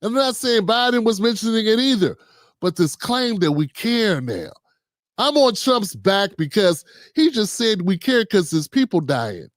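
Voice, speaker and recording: A man's voice: high voice, big pitch swings, a little slow, dry recording, clean studio sound. A man hosting a livestream of political commentary, reading out notes and reacting with heated sarcasm. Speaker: livestream host.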